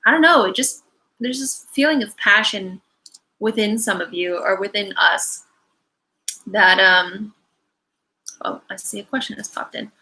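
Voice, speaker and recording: Young female livestream card reader, bright tone, casual and rambling, frequent fillers and asides. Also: medium pitch, measured pace, long pauses, low-quality recording. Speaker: angel card reader hosting a live Q&A. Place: her home, animals around.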